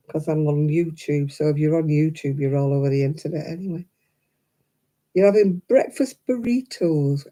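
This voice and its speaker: Chatty older Oldham woman, dark-toned. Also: low voice. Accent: Oldham, Lancashire. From Oldham, England. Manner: chatty, opinionated, laughs often. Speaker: crochet livestream host. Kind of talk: casual chat with live viewers. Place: home, crafting at a table.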